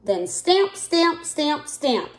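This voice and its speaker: A woman reading a children's picture book aloud in a clear, expressive way. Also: high voice, extremely slow. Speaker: storyteller.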